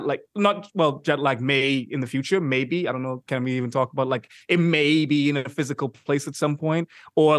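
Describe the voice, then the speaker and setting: A man in a casual podcast conversation, talking in an animated way with many "like" fillers and easy laughter. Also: mid-range voice, no room sound, studio quality. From Bahamas. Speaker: podcast guest, YouTuber.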